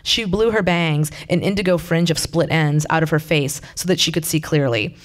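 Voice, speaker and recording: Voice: mid-range voice, moderate pace, hardly any pauses. A reader reading a story aloud in a plain, conversational way, with occasional asides.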